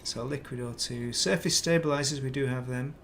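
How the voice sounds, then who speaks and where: A man's voice: mid-range voice, brisk, vocal fry, a bit bright, a little hiss or hum. A British man streaming a game, giving casual commentary and muttering and swearing at it as he plays.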